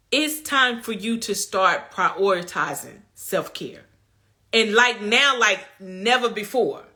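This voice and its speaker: Bright, emphatic woman giving pep talk. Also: on the high side. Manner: preachy, emphatic, talks straight to viewers; colloquial, folksy. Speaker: lifestyle vlogger. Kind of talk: motivational self-care talk.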